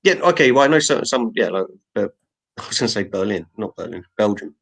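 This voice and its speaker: A man's voice: fairly low pitch, expressive, a little fast, creaky, fairly bright tone. A man co-hosting a live podcast, asking rambling, hesitant questions with lots of filler words. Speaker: podcast co-host. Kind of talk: casual chat on a live stream.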